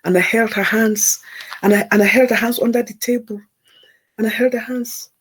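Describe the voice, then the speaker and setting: A woman's voice: on the high side, fairly even intonation, normal speed, breathy edge. A woman telling a personal story on a talk show, emphatic and repeating words for effect.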